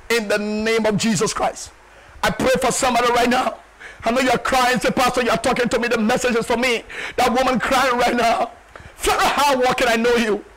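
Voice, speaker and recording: A man preaching a fervent sermon and prayer as pastor, repeating declarations with rising passion and often shouting. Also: very high voice, low-quality recording.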